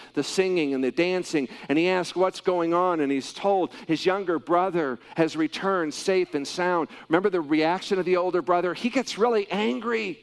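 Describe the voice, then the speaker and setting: A male pastor giving a sermon, speaking emphatically with dramatic pauses and wide swings in loudness. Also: high-pitched.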